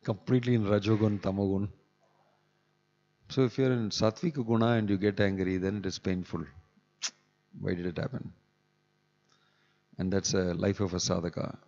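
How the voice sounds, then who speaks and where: A man's voice: sits low, steady tone, moderate pace, pauses often, warm tone. A man giving a scripture class in a temple, talking conversationally with chuckling asides. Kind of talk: sermon. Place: temple hall. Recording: dull echoey hall recording.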